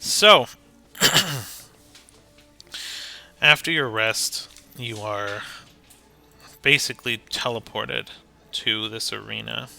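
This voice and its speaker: Man, game master, very bright tone, casual and chatty, laughs often. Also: lowish voice, creaky, faint music behind. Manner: casual, laughing, quick asides. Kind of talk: running a tabletop game stream.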